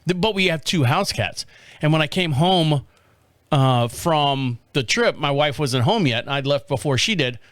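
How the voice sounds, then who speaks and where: A man's voice: fairly high pitch, lively intonation, measured pace, fairly bright tone, no echo. A man hosting a casual radio podcast from a studio, telling rambling stories and chuckling often. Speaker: podcast host.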